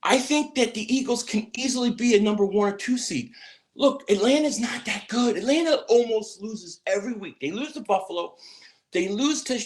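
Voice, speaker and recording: Man, high voice, excitable livestream host, stumbling restarts, chatting with viewers. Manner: reads out and answers viewer chat. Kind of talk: casual livestream chat.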